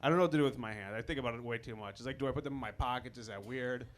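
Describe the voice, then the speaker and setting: A man from Chicago performing a stand-up comedy set, telling stories in a wry, conversational, self-deprecating way with quick asides. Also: medium pitch. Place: comedy club stage with a live audience.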